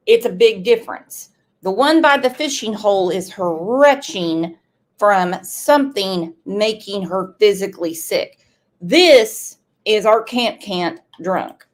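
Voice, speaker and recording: A woman hosting a true crime commentary show, opinionated and full of rhetorical questions. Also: medium pitch. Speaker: host.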